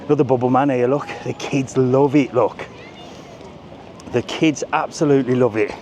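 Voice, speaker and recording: A man's voice: mid-range voice, fairly even intonation, normal speed, a little mellow, slight background noise. A British man walking along a busy seafront strip at night, filming a live travel vlog on a small handheld camera, chatting and cracking cheeky jokes with light swearing. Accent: British English. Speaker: travel vlogger. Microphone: small camera carried while walking. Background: street music.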